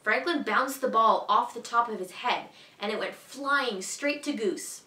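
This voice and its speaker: A woman teacher reading a children's picture book aloud in a clear, expressive, evenly paced way. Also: on the high side, a little slow, far from the mic. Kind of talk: storybook read-aloud for children. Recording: echoey room, voice a bit off-mic.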